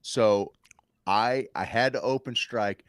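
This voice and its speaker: A man co-hosting a loose comedy podcast, teasing his friend with animated energy and swearing freely. His voice sits fairly low. The room sounds dry and close. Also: slow pace, dry recording. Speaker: podcast co-host. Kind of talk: casual chat.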